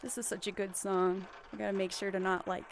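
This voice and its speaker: A woman's voice: medium pitch, level tone, a little fast, a little hiss or hum. A young woman livestreaming, chatting casually and rambling with giggles and restarts.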